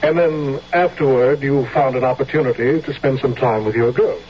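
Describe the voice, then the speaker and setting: An actor playing a grave, authoritative general questioning a soldier in a 1970s radio drama, from a dull old broadcast recording. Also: male voice, medium pitch, a little hiss or hum, natural voice. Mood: probing. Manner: measured, authoritative. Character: stern commanding general, probing and grave.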